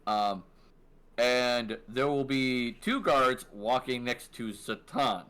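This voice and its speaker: Man, dungeon master, bright tone, casual narration. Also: medium pitch, takes it slowly, clear, resonant tone. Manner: relaxed narration with fillers and laughter. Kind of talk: narrating a tabletop game.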